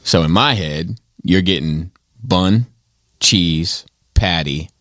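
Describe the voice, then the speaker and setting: A man co-hosting a podcast, telling profane, animated stories in casual chat with lots of laughter. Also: low voice, slow, no room sound, clean studio sound. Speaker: podcast co-host.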